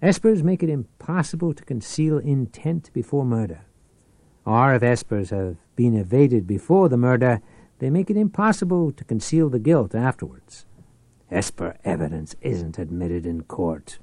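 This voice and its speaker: A man voicing a cold, wary male mind reader who speaks in a measured, guarded way. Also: medium pitch, sing-song, warm tone, no room sound.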